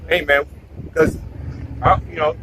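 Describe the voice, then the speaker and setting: A man's voice: fairly high pitch, fairly even intonation, measured pace, noisy background. A man giving a casual scripture talk, preachy, repeating himself and restarting his sentences. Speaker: bible teacher.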